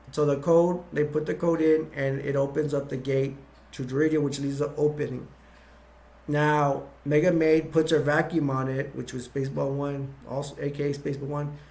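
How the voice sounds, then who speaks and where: A man's voice: a little high, darkish tone. A man with a slightly raised voice walks through a film's plot scene by scene. He rambles, restarting sentences and filling gaps with ums as he goes. It sounds like an informal retelling. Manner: rambling, many restarts and fillers. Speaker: movie reviewer.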